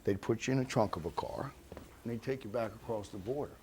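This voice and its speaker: Man, interviewee, low voice, blunt, swears a lot, acts out others' lines, faint background hiss. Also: fairly quick, darkish tone. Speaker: interviewee recounting his past. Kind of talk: profane storytelling anecdote.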